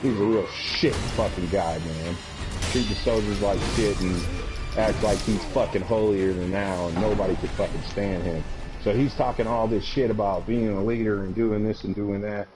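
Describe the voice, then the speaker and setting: A man's voice: fairly low pitch, fairly even intonation, normal speed, over music, low-quality recording. A man, an Army veteran, telling a blunt, heavily profane story casually on a live game stream.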